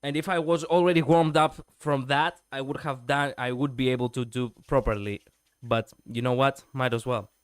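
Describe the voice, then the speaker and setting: A man's voice: medium pitch, steady tone, moderate pace, clear, resonant tone, no room sound. A male streamer giving casual reaction commentary, rambling with lots of fillers and the odd swear word, speaking close to his mic. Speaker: streamer reviewing lore videos.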